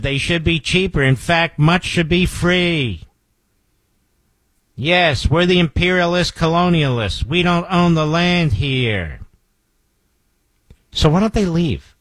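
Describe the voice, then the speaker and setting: A man mimicking a smug, self-righteous young male activist in a mocking, drawn-out way. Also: on the high side, fairly bright tone, dry recording.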